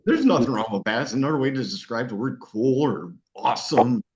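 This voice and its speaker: A man's voice: medium pitch, animated, fairly quick, a little mellow, slight background noise. A man chatting casually as interviewer, swearing often and laughing easily. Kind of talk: casual chat. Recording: dull lo-fi recording.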